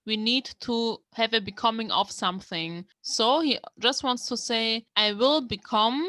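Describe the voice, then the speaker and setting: A woman's voice: on the high side, unhurried, sharp tone, no room sound. A young woman from Germany, giving a casual language lesson and explaining a manga text word by word as she thinks aloud. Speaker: language learner teaching from a manga.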